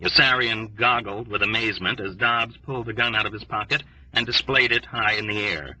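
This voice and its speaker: A man narrating an audiobook in a measured storytelling way. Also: on the low side, sharp tone, breathy edge, no echo, far from the mic, rough recording. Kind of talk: scripted narration.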